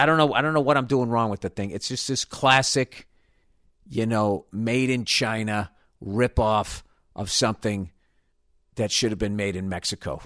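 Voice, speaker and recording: A man's voice: on the low side, no room sound, clean studio sound. A middle-aged man hosting a podcast, telling a story as an exasperated, profane comedic rant. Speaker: podcast host.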